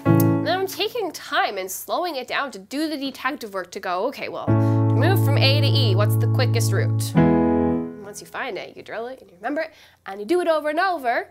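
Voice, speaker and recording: Upbeat woman teaching piano over loud playing. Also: sits high, sing-song, a little fast. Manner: upbeat, explaining while playing, sings along. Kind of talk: live online piano lesson.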